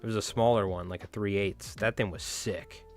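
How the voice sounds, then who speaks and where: A man's voice: lowish voice, steady tone, normal speed, soft background music. A man hosting a casual fly tying livestream who chats with viewers, rambles from one story to the next and swears freely.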